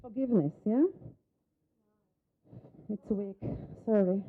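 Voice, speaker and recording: Leading a live demonstration in a conference hall, a Hebrew-native workshop facilitator guides a volunteer through brief instructions and questions. She speaks slowly in a mid-range voice, and the audio has a phone-like quality.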